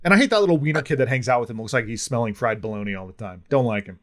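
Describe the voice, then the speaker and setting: A man's voice: medium pitch, rapid-fire. A man with a mid-range voice co-hosts a casual podcast. He talks bluntly and a bit ramblingly about a film. He fills his sentences with "like" and restarts. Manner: rambling, blunt, many fillers. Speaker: podcast co-host. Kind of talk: casual film review chat.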